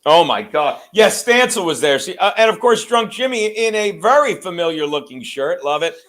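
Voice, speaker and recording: A man hosting a casual podcast, his voice sitting high for a man. He rambles and curses freely and laughs often, losing his thread as he goes. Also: very animated, moderate pace, a bit bright. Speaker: podcast host. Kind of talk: casual chat.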